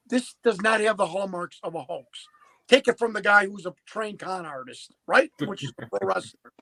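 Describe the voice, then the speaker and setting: A man's voice: high-pitched, a bit bright, no room sound, rough recording. A man in his fifties telling a story as a podcast guest, emphatic and prone to repeating and restarting words. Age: 50s. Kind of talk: animated storytelling.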